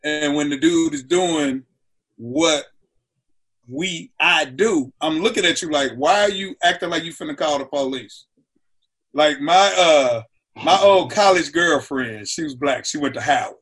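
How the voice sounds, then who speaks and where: A comedian guest on a talk show, telling stories in a lively way and acting out quotes, sometimes shouting. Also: male voice, a little high, a little slow, slightly rough. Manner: acts out quotes with loud shouting asides. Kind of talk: animated storytelling on a talk show.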